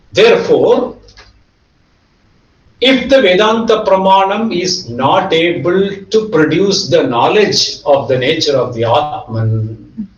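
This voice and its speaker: A man teaching a Vedanta class, explaining concepts and rapidly chanting Sanskrit verses. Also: medium pitch, roomy sound, recorded from a distance, dull audio.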